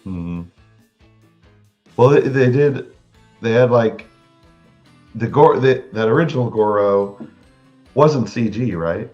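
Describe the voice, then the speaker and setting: A man's voice: medium pitch, animated, slow, pauses often, a little mellow, muffled recording, faint music behind. A man co-hosting a casual podcast chat, laid-back and often answering with short replies. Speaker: podcast co-host.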